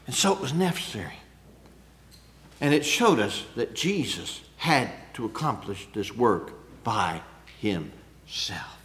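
With a mid-range voice and big pitch swings, a man preaches a little slowly and conversationally. He asks rhetorical questions and moves between loud stresses and soft asides.

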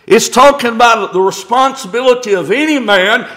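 A man's voice: very high voice, normal speed, bright, forceful tone. A middle-aged male pastor preaching a sermon, reading scripture aloud and building to emphatic points.

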